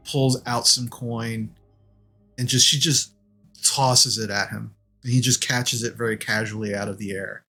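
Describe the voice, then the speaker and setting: A man's voice: medium pitch, sharp tone. A man narrating a tabletop game as game master in a casual, loose way. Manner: casual, loose, many fillers.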